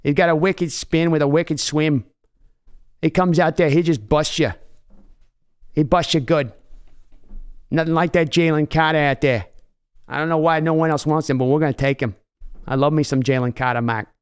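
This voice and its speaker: Man putting on a Boston accent, brash sports fan, pitched a bit high. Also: steady tone, moderate pace, pauses often, smooth, close to an everyday voice. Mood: hyped. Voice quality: brash, repeats "wicked".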